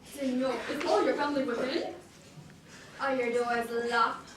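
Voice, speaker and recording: A woman playing a bitter, scheming male soldier in an amateur Shakespeare reading, declaiming with sharp outbursts, recorded in an echoey room from a distance. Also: high-pitched, fairly even intonation, unhurried, slight background noise. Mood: goading. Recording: echoey room picked up from afar.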